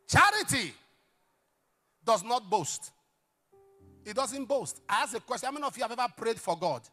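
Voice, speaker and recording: A male pastor preaching a sermon, emphatic, with sudden shouted lines and questions thrown to the congregation. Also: very high voice, animated, normal speed, long pauses, faint music behind.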